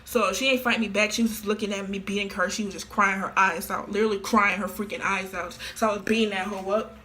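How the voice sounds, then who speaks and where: Woman, bright tone, offhand slangy talk, casual to-camera vlog, faint noise behind. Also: medium pitch, steady tone, quick pace. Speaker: vlogger.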